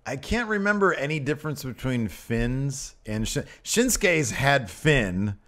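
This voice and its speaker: A man's voice: mid-range voice, big pitch swings, measured pace, fairly bright tone. A man co-hosting a podcast in casual chat, jokey and laughing often. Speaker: podcast co-host.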